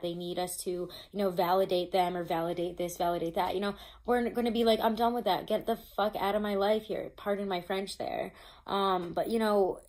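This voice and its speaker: A woman's voice: mid-range voice, darkish tone. A woman giving a casual tarot reading, chatty and loose, swearing freely and stumbling over her notes. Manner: reads from notes, restarts often. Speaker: tarot reader.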